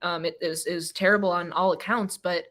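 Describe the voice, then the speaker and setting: A woman's voice: on the low side, steady tone, fast talker, fairly bright tone. A woman guest in a casual book discussion, emotional and rambling with many restarts and fillers.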